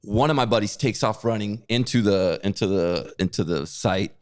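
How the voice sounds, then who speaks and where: A man co-hosting a podcast, telling a story with lively acted-out quotes. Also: on the low side, moderate pace, clear, resonant tone, dry recording, studio quality. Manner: animated storyteller, acts out quotes. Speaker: podcast co-host. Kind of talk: casual chat.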